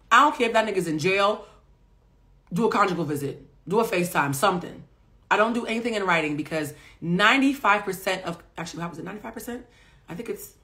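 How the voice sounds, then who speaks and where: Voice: mid-range voice, bright, forceful tone. Life coach, casual live-stream monologue, emphatic, blunt, swears freely, speaks straight to viewers. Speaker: life coach and psychic reader.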